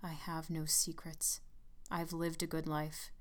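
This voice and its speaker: A dying, bitter old man, as a woman reader puts him on, hollow and whispery in a storybook tale. The voice drops low and quiet, yet stays smooth and clear. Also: flat delivery, moderate pace, lightly acted. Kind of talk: storybook reading.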